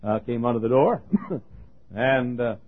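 Husky folksy preacher man, tinny recording. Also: mid-range voice, unhurried. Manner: folksy and joking, swings from hushed talk to shouting. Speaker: pastor. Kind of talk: sermon.

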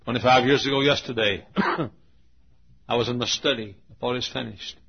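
A man's voice: mid-range voice, steady tone, fairly quick, creaky, slightly rough. An older man, a pastor, telling stories from the pulpit in a folksy, humorous way, coughing often. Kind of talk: sermon storytelling. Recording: dull lo-fi recording.

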